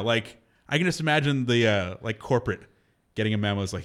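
A male radio host in loose, casual banter with his co-hosts. He rambles as he tells a story, breaking into laughter often, at a middle pitch. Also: lively intonation, quick pace, a bit bright, smooth.

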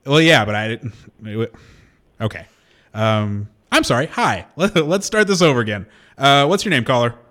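Lively, playful male radio co-host. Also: medium pitch, normal speed. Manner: lively, playful, self-mocking. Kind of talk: casual radio banter. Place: radio studio. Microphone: studio microphone.

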